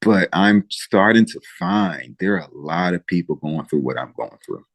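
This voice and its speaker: Deep-voiced man, emotional and halting. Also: animated, vocal fry, dry recording. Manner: emotional, halting, with frequent pauses and restarts; preacher-like encouragement to listeners. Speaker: interview guest. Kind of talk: earnest interview talk.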